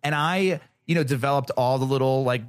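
A man recounts his projects as a guest in a casual interview, getting fired up and swearing freely as he acts out other people's lines. His voice sits at an ordinary pitch, and the recording is close and dry, with no room sound. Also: brisk, clean tone, no echo. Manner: animated, profane, acts out quoted voices. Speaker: podcast guest.

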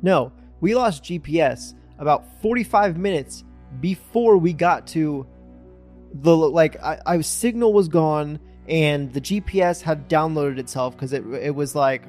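A man's voice: a little high, a little slow, a little mellow, faint music behind. Wry man chatting on a podcast. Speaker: podcast co-host. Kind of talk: casual chat.

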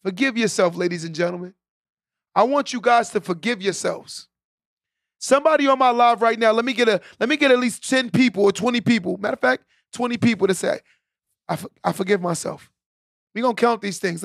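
A man's voice: sits high, brisk, gravelly, pauses often, fairly bright tone, dry recording, studio quality. A man hosting a live stream, giving a preachy motivational talk to his viewers, repeating his key lines and often tagging them with "right?". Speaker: podcast host on a live stream.

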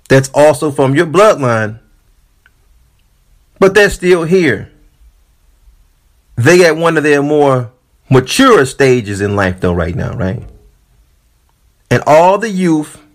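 A man giving emphatic, sermon-like commentary on a video, repeating his points for his audience. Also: mid-range voice. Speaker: commentary vlogger. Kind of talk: preachy commentary.

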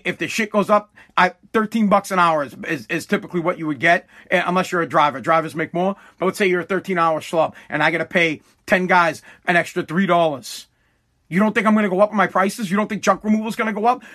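A man's voice: high voice, a bit bright. A small business owner ranting his opinions to camera, blunt and profane, hammering his points by repeating them. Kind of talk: heated opinion rant to camera.

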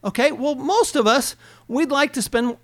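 Speaking at a moderate pace in an extremely high, slightly bright voice, a man who works as an accountant hosts a podcast. His motivational talk is earnest coaching peppered with rhetorical questions.

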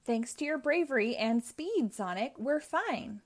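A woman's voice: high-pitched, lively intonation, measured pace, pitched above the performer's own voice. A woman reading the part of a kind older uncle who invents things, fatherly and firm when he must be. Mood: kindly.

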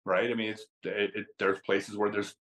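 A man who is a podcast guest and tells chatty, animated stories with frequent restarts. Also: on the low side, normal speed. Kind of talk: casual storytelling.

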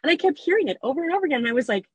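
A woman who writes and narrates erotica, telling her story as a guest in a casual, animated interview chat with plenty of fillers. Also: high voice, very fast, dry recording, poor audio.

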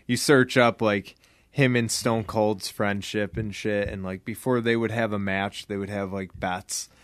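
A man's voice: on the low side, fairly even intonation, unhurried, clean tone, dry recording, studio quality. A man in casual chat who laughs often, swears, and chimes in.

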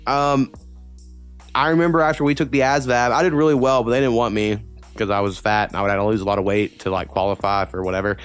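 A man's voice: mid-range voice, flat delivery, quick pace, smooth. Young adult man, loose rambling co-host, heavy swearing, faint music bed. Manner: rambling, swears a lot, many fillers. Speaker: podcast co-host. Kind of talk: casual chat.

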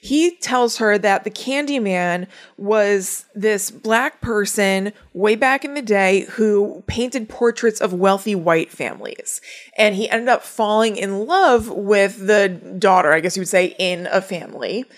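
A woman's voice: mid-range voice, measured pace. A woman co-hosting a podcast, casually recapping a movie plot with chatty asides. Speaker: podcast co-host.

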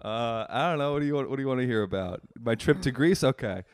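A man's voice: mid-range voice, expressive, quick pace, clear, resonant tone, dry recording, studio quality. A man co-hosting a podcast in casual chat, teasing and laughing often. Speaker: podcast co-host.

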